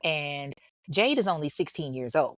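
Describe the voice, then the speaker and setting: A woman's voice: sits low, animated, moderate pace, fairly bright tone, no room sound. A woman with children telling a true crime story in a casual, blunt and profane way, full of sarcasm. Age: adult parent.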